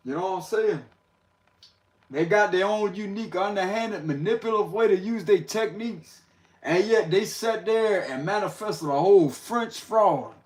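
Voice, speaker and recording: High-voiced man, laughing tarot reader. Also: measured pace, a little mellow. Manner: slangy, laughs often, talks to viewers. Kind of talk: casual livestream tarot reading.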